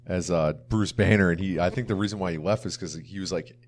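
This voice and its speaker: A man's voice: low voice, fast. A young man co-hosting a casual movie review chat, rambling with lots of fillers. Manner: rambling, filler-heavy, mimics movie lines. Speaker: podcast co-host.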